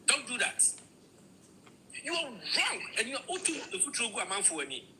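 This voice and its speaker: Heated Ghanaian woman ranting, bright voice. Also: a little high, big pitch swings, moderate pace, slight background noise, low-quality recording. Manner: heated, switching between Twi and English, swearing. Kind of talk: opinion rant to camera.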